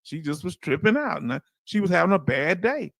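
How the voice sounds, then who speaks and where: A man's voice: high-pitched, big pitch swings, a little fast, creaky, a bit bright, no echo, studio quality. A man with a Southern US accent hosting a casual livestream, chatty and folksy, reading viewer comments aloud and laughing often.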